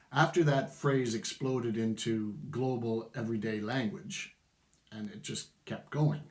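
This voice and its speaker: A middle-aged man talks to camera in an unhurried, easy rhythm, sharing his opinions in casual commentary with a wry chuckle here and there. His voice sits at an ordinary pitch and sounds a little echoey, as if recorded in a bare room. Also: a little mellow. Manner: opinionated, conversational, chuckles wryly. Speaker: vlogger.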